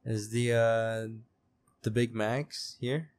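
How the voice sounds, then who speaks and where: A man's voice: medium pitch, fairly even intonation, takes it slowly. A young man co-hosting a podcast in casual, profane banter. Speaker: podcast co-host. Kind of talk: casual chat.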